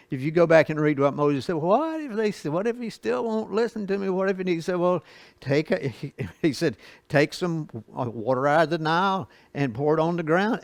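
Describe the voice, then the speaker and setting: A man's voice: a little high, no echo. Folksy man teaching a Bible lesson. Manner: folksy, reads scripture slowly then explains with asides and chuckles.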